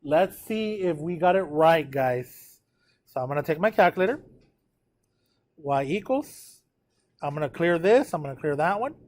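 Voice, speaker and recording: A man's voice: on the high side, animated, moderate pace, long pauses. A tired man teaching a math class, talking students through a graph and checking in with them often. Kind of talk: live classroom lecture at a whiteboard.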